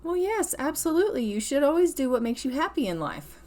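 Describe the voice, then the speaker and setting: A woman's voice: high voice, very animated, a little fast, darkish tone, pitched above the performer's own voice. A woman voicing a supportive mother in a life-sim game story, speaking in a soothing, reassuring way.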